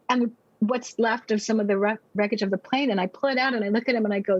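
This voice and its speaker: A woman's voice: fairly high pitch, fairly even intonation, quick pace, dry recording, lo-fi sound. An American woman, a pastor and speaker, telling her personal testimony vividly and acting out her own past words as a podcast guest. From United States.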